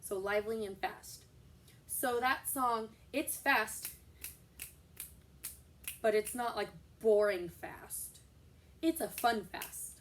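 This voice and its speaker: A woman teaching a recorded music lesson for young children, explaining terms slowly and patiently. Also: fairly high pitch, a bit bright, far from the mic, a little hiss or hum.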